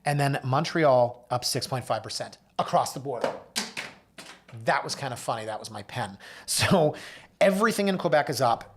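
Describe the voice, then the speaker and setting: A man, a realtor hosting his own show, talking casually to camera and reading off numbers with self-mocking asides. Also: mid-range voice. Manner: chatty, self-mocking asides, reads figures off a list with sudden lifts. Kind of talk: casual market commentary to camera. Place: office or studio with someone off camera.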